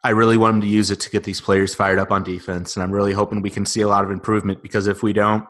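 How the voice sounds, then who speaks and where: A man's voice: fairly low pitch, level tone, racing, a bit bright. A male sports podcast host from Southern Illinois with a Southern Illinois accent, chatting casually and joking in a laid-back way.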